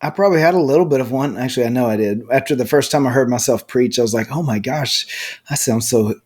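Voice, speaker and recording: A man's voice: medium pitch, rapid-fire, darkish tone. A man, a pastor, co-hosting a casual faith podcast, talking earnestly and often restarting his sentences. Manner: earnest, repeats words when starting sentences.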